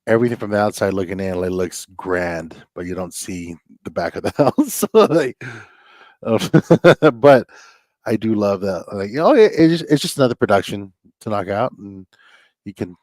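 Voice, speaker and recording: Low-voiced laid-back co-host man. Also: moderate pace, dry recording, clean studio sound. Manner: relaxed, laughs along, short interjections. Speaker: podcast co-host. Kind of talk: casual chat.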